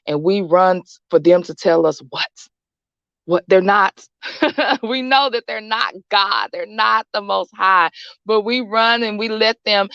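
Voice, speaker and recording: A woman's voice: medium pitch, no echo, highs cut off. Rambling motivational woman in her late thirties. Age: late 30s. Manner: rambling, repetitive, heartfelt. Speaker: show host. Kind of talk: casual motivational talk.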